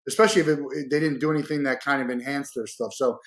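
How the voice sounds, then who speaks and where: A man's voice: medium pitch, fairly even intonation, fast talker, a bit bright. A man hosting an interview, chatting casually and asking questions with many fillers. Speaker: podcast host. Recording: roomy echo.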